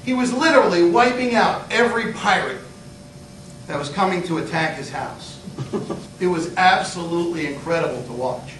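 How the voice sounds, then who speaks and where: A middle-aged man giving a humorous motivational speech, an animated storyteller acting out scenes. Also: normal speed. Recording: echoey hall, mic far off, low rumble.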